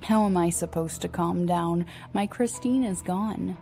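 Woman narrator giving voice to a harsh, scolding older lord, low and dark-toned. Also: unhurried. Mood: furious. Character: furious older man, a ruthless lord.

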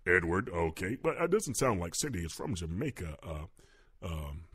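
A male call-in show host who talks calmly and haltingly, filling his pauses as he steers callers. His very deep, husky voice moves through a lively pitch range and sounds close and dry. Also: dry recording. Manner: hesitant, calm, full of uh fillers. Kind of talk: comedy call-in show hosting.

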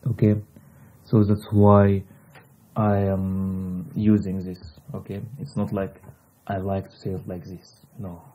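A man's voice: low-pitched, level tone, takes it slowly, phone-quality sound, a little hiss or hum. A man from Egypt with an Egyptian accent, teaching vocabulary patiently and repeating each word several times. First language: Egyptian Arabic. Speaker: language teacher. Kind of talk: slow vocabulary lesson with repetition.

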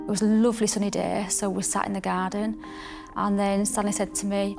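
A young woman recounting a personal tragedy as a bereaved mother, in plain, steady storytelling full of quoted speech. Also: mid-range voice, brisk, creaky, over music.

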